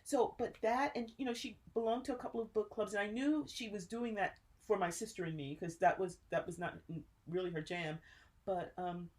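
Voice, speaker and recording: A woman in her sixties from New Jersey, co-hosting a podcast and telling childhood stories with lots of laughter. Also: medium pitch. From Newark, New Jersey. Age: 60s. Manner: animated storyteller, quick to laugh. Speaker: podcast co-host. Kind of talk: casual chat.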